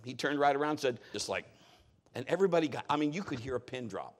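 A middle-aged man preaching a sermon as a pastor, telling stories in an animated way with big swings in his voice. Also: fast. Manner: animated storytelling with lively swings in pitch.

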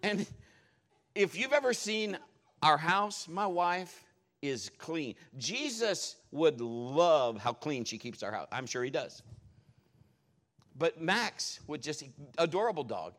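A man preaching a sermon, telling stories in a jokey, animated way. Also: fairly high pitch, takes it slowly.

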